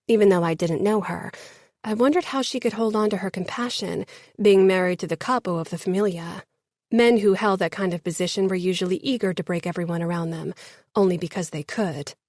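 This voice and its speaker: A woman's voice: medium pitch, a little mellow, no room sound, clean studio sound. A woman reading a first-person romance novel as an audiobook narrator, lifting her voice slightly for the characters.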